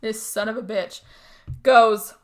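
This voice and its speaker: A young woman co-hosting a podcast, telling a movie plot in casual chat, animated and swearing, acting out the characters' lines. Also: fairly high pitch, slow. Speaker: podcast co-host recapping a movie.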